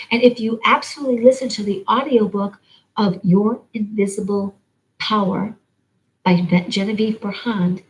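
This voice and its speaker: An older woman reading oracle cards, talking in a meandering, earnest way and sometimes dropping into a soft whisper. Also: medium pitch, rough recording. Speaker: oracle card reader. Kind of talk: spiritual monologue.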